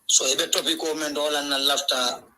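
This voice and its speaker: A man's voice: a little high, steady tone, brisk, bright, forceful tone, slight background noise, low-quality recording. A man calling in to a political show, speaking hesitantly with fillers and repeated words. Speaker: caller. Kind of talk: political commentary on a call-in show.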